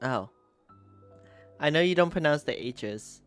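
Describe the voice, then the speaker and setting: A man's voice: fairly high pitch, expressive, a little slow, soft background music. A male streamer chatting casually and giggling often while playing a game. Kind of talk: casual gaming stream chat.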